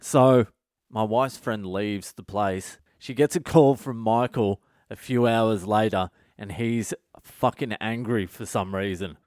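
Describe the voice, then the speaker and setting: Recording his casual storytelling podcast at home late at night, a comedian host speaks slowly in a fairly low, darkish voice. The story comes out blunt, profane and laced with sarcasm, and the sound is clean with no room noise.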